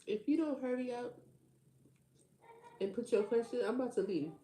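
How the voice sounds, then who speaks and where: A woman's voice: a little high, moderate pace, warm tone, reverberant. A woman hosting a tarot livestream, chatting casually with viewers in a teasing, slangy way and laughing often. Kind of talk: casual live chat with viewers.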